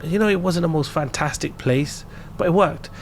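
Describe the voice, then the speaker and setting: A man with a London accent, a guest entrepreneur on a podcast, chatting casually and telling lively anecdotes with slang. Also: a little high, moderate pace, slight background noise. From England. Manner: animated storyteller, laughs while telling anecdotes, slangy.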